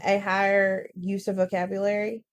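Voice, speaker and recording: A woman's voice: medium pitch, normal speed, dull audio, slight background noise. A young adult woman co-hosting a casual podcast, talking bluntly and cussing without a second thought. She tells her stories freely, acting out the customers and the boss she quotes. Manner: blunt, profane storytelling with lively acted quotes. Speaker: podcast co-host. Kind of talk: casual chat.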